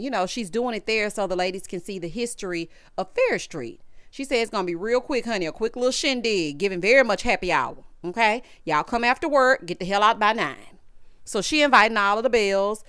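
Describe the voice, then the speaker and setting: A woman's voice: mid-range voice, a bit bright, clear, resonant tone, no room sound, clean studio sound. A woman with a Southern US accent giving a sassy, gossipy recap of a reality show, talking to viewers as honey and y'all. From Southern United States. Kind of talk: casual recap commentary.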